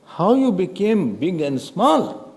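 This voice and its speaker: A man, a swami giving a spiritual discourse as an animated storyteller who acts out other people. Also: high voice, slow pace. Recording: long reverb in a hall.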